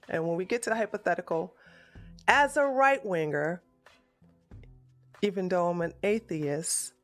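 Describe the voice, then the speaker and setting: A man with a high, pushed, bright voice hosts a political livestream, talking through an argument on his show. He's emotional, stammering, and keeps correcting himself.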